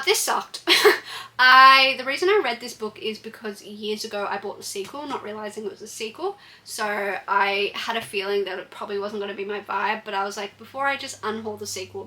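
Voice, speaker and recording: A woman's voice: medium pitch, sharp tone. A woman giving a blunt, chatty book review with frequent fillers and restarts. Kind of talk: casual book review vlog.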